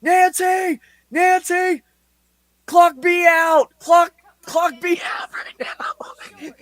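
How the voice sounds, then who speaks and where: A man's voice: fairly even intonation, racing, no echo. A man doing a big burly woman shrieking in panic. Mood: frantic. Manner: shrieking high and loud. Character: big burly female coworker yelling in a panic.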